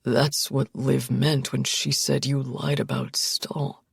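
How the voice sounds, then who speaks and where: A woman narrator voicing a frightened, reluctant young man who speaks slowly and heavily, with a husky, gravelly tone. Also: extremely low pitch, level tone, dry recording, clean studio sound, voice pushed down, exaggerated voice. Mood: strained.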